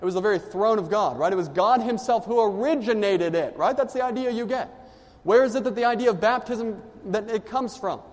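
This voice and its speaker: A man preaching a sermon to a congregation, reading scripture aloud and pausing for the listeners to fill in the missing words. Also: high-pitched, in a large hall. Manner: asks the congregation questions and lets them fill in words.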